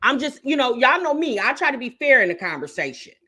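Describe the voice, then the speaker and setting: Lively chatty woman host, bright voice. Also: high-pitched, quick pace. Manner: chatty, addresses viewers as y'all and baby. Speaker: reaction channel host. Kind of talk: casual commentary to viewers.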